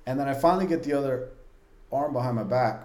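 A man in his forties tells his own story as a podcast guest. He talks in a candid, earnest way, piling on "like" and restarts. The voice sits mid-pitch and rings a little in an echoey room. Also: quick pace, a little mellow. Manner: vivid, earnest, many "like" fillers.

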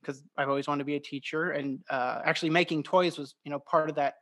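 This Southern Illinois man in his thirties, a toy maker, jokes easily at his own expense while chatting casually as a podcast guest. He's a fast talker with a steady, slightly bright voice on the high side.

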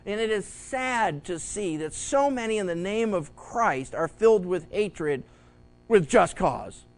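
A male pastor teaching a Bible study, conversational and animated, acting out the voices he quotes. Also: high voice, a little slow, low-quality recording. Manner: conversational with restarts.

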